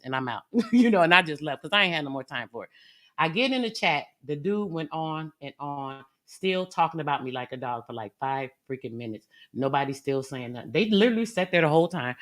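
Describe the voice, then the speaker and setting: A woman tells a story straight to her viewers in an animated, slangy vlog style. Her delivery swings between quiet asides and loud, punchy lines, and she leans hard on emphasis. She sounds casual and unscripted throughout. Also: on the low side, fairly quick. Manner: animated, slangy, lively retelling.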